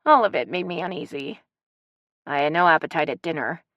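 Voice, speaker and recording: Woman reading an audiobook, lowish voice, very dry close sound, steady storytelling. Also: brisk, no room sound, lo-fi sound. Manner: even, storytelling delivery. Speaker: audiobook narrator. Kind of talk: scripted narration.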